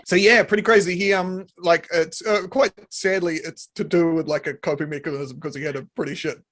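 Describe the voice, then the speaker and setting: A man's voice: fairly high pitch, fairly even intonation, fairly quick, a bit bright. A man co-hosting a casual podcast chat, recounting things he read or watched and laughing along. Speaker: podcast co-host.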